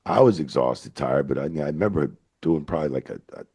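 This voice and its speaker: A man in his fifties, a veteran referee, telling rambling, animated stories with plenty of swearing in a casual interview. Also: extremely low pitch, fairly quick, gravelly, husky. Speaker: veteran wrestling referee, guest.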